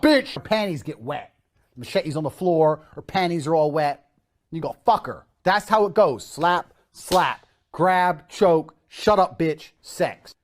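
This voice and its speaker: A man in a played clip, boasting crudely. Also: sits high.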